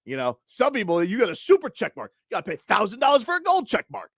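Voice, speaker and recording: A man's voice: sits high, quick pace, no echo, clean studio sound. A man hosting a sports talk radio show, telling stories and ranting in mock outrage. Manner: animated storytelling, rants with mock outrage. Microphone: studio microphone.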